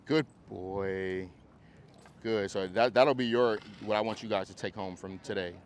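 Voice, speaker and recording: A man teaching a dog training class outdoors, coaching owners and breaking into high, excited praise for the dogs. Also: unhurried, slight background noise. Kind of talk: hands-on group class instruction.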